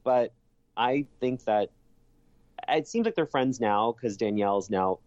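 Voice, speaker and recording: A man's voice: medium pitch, expressive, a little slow, darkish tone, no echo, lo-fi sound. A man co-hosting a podcast, chatting casually and emphatically, swearing freely and restarting often. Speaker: podcast co-host. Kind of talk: casual recap chat.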